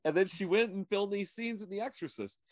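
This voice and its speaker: A man's voice: sits high, a little fast, a little mellow, no room sound, studio quality. A man co-hosting a podcast in casual chat, rambling and crude, stumbling over names, on a video call. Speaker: podcast co-host.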